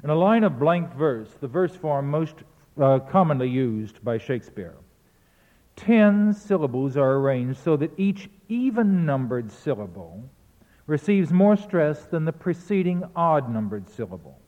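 A man's voice: on the high side, sing-song, unhurried, long reverb tail, lo-fi sound. A man giving a spoken lecture in a precise, pedantic manner, often correcting himself mid-sentence. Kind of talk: spoken lecture on recordings and verse.

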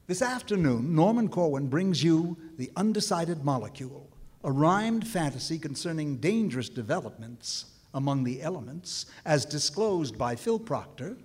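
A man's voice: a little high, very animated, moderate pace, darkish tone, breathy edge, big-room sound. A man announcing a radio play, reading the title and cast in a formal, declamatory broadcast manner.

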